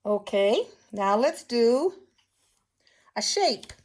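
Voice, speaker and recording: An older woman teaching children phonics, slowly and patiently sounding out words and letters. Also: a little high, big pitch swings, a little mellow.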